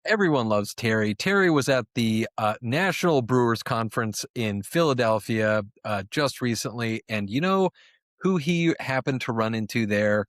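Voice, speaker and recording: A man's voice: mid-range voice, expressive, normal speed, a bit bright, no echo, clean studio sound. Profane rambling podcast co-host, a man. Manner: rambling and profane, full of fillers. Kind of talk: casual chat.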